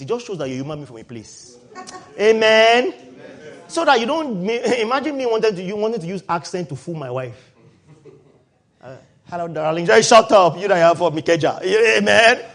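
A middle-aged man preaching a sermon, swinging from loud exclaiming to quiet asides. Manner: animated, shifts from loud exclaiming to low asides. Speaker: pastor.

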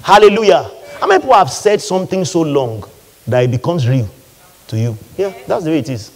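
A man preaching a sermon in an animated call-and-response manner, leading the congregation in repeating his words. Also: fairly high pitch, brisk.

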